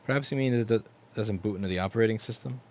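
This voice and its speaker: A man's voice: on the low side, racing, a little mellow. A man with a New York accent, chatting casually and joking wryly as he repairs a laptop on a live stream. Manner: wry, joking, swears casually. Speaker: repair technician streaming his work. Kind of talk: casual live-stream chat while working.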